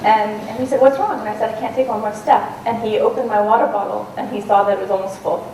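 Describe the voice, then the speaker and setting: A woman's voice: medium pitch, steady tone, fast talker, darkish tone. A woman giving a storytelling talk on stage, conversational, with frequent ums and restarts. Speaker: talk speaker, adventurer. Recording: roomy and distant with faint noise.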